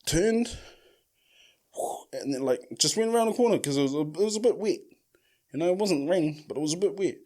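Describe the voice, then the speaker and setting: A man with a New Zealand accent telling a story casually as a podcast host, full of slang and swearing, who acts out the quoted lines loudly. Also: fairly high pitch, animated, brisk, long pauses.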